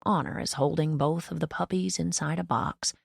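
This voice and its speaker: A woman narrates a novel in the first person, with an even and reflective delivery. Her voice is low and gravelly. The recording is dry and close. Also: normal speed, dry recording. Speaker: audiobook narrator.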